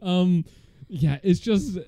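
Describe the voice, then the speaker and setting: A man's voice: sits high, animated, slow, dark tone. A man co-hosting a podcast, chatting casually and sarcastically as he recaps a TV episode, laughing often. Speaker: podcast co-host.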